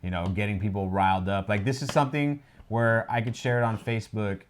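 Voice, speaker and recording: A man with a fairly low voice co-hosting a casual reaction discussion. He talks easily and slips in dry, joking asides. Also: steady tone, a little fast, slight background noise. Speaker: co-host of a reaction channel.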